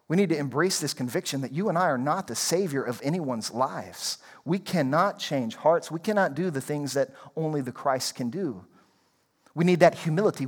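Earnest man preaching a sermon. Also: fairly high pitch. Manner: earnest, emphatic preaching with repeated refrains. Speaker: pastor.

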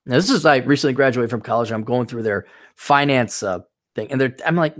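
Animated and a bit fast, a forties-aged man hosts a solo podcast where he rambles, swears, and now and then mocks others with shrill impersonations.

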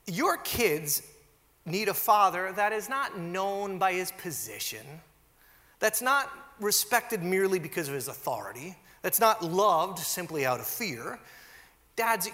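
A man preaching in a church, his voice high and bright and swinging widely in pitch as he acts out every quote. His words ring out under a long hall reverb. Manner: animated storytelling, acts out quotes. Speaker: pastor. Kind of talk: sermon.

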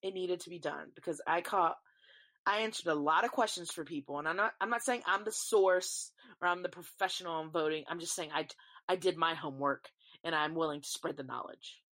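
Brisk and fairly bright, this young woman's low-leaning voice drives a casual solo podcast. She drifts from topic to topic, curses freely, and talks to her audience as y'all.

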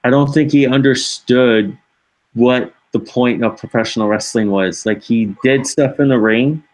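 A man's voice: mid-range voice, unhurried, rough recording. A man co-hosting a wrestling podcast, making wry, laid-back remarks in casual chat. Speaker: podcast co-host.

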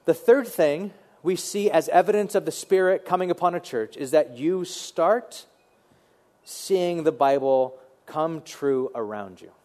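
Conversational pastor with a fairly high voice. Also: male voice, unhurried. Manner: conversational, animated, repeats words as he thinks. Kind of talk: sermon.

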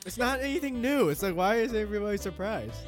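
A man's voice: high-pitched, animated, quick pace, soft background music. A young man co-hosting a podcast in casual chat, joking and mocking holiday clichés. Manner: mocking, repeats phrases in silly put-on voices. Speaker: podcast co-host.

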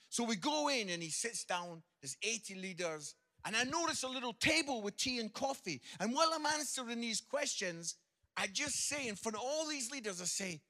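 High, bright Scottish preacher man. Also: fairly quick. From Scotland. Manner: jokey, animated, lively anecdotes. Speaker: visiting preacher and comedian. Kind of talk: humorous sermon storytelling.

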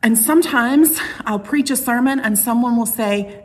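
A woman's voice: a little high, moderate pace, hardly any pauses. A middle-aged woman pastor delivering a conversational sermon, telling stories with playful asides. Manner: chatty storytelling with playful asides.

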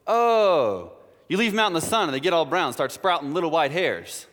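A pastor lightly doing an eager talking donkey. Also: male voice, on the high side, big pitch swings, moderate pace, fairly bright tone. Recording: long church reverb.

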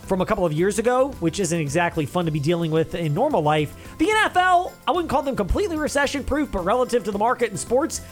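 A male sports talk host delivers the day's headlines in a loose, casual way. His pitch swings widely as he talks, and he drifts into rambling side remarks. Faint music plays underneath. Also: quick pace, few pauses. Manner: animated, rambling asides.

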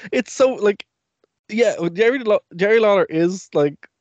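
A podcast co-host in casual chat who chimes in with quick reactions. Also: mid-range voice, lively intonation, a little mellow, no room sound, muffled recording.

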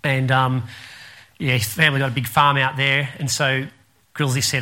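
A man with an Australian accent preaching a sermon, telling a lively story and laughing as he goes. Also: medium pitch, moderate pace. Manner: animated storyteller, laughs through anecdotes. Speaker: pastor.

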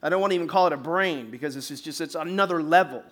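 High-voiced male pastor preaching casually. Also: very fast, fairly bright tone. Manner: conversational, asks the congregation questions. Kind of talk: sermon.

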